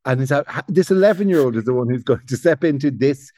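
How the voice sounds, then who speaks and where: A man's voice: medium pitch, lively intonation, fast, mellow, no room sound. An Irish man guesting on a comedy podcast, talking in a wry, rambling, jokey way. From Ireland. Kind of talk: casual comedic chat.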